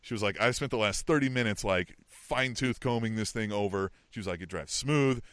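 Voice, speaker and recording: A middle-aged podcast co-host from the Kansas City area tells a long story in casual chat, sprinkling in "you know what I mean" and "right?" His voice is on the low side, brisk and fairly bright, recorded dry.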